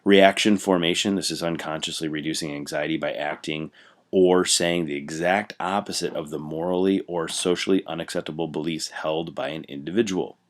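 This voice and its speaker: A man's voice: rumbling low, fairly even intonation, normal speed. A male teacher giving a recorded lecture, explaining with everyday examples in a conversational way with frequent fillers. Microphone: computer mic while scrolling through notes.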